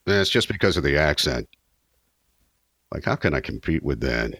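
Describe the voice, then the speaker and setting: A man with a deep voice co-hosting a podcast, joking and teasing in casual chat. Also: lively intonation, normal speed, a bit bright, dry recording, clean studio sound. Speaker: podcast co-host.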